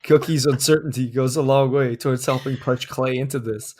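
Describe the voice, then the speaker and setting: A man co-hosting a comedy podcast, reading fan fiction aloud in a middle-pitched voice. He breaks into laughter partway through his sentences. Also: steady tone, fairly quick, a little mellow. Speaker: podcast co-host.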